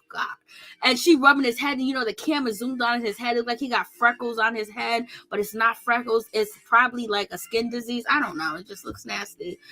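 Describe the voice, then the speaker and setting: This is a woman doing a casual, gossipy recap of a reality show. Her voice sits a little high and has a bright, punchy edge. She talks sassily and breaks into laughter often. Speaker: reality TV commentator.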